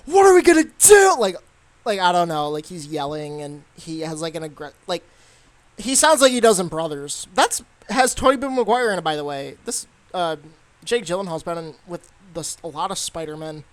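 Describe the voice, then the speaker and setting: A man's voice: fairly high pitch, normal speed, dry recording. A young man giving a casual, rambling movie review, full of fillers and restarts.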